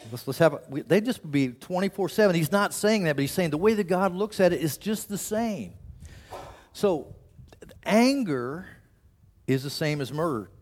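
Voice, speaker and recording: A man delivers a sermon in a loose, conversational way, his voice sitting slightly high for a man. He often stumbles and restarts mid-sentence, then slips into short acted-out quotes to make his point. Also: animated, normal speed, a little mellow. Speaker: pastor.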